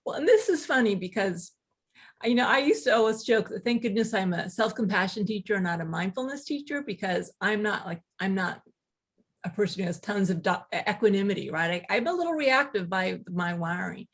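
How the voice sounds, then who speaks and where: A woman guest author telling stories in casual conversation, animated, with quick asides and laughter. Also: mid-range voice, husky.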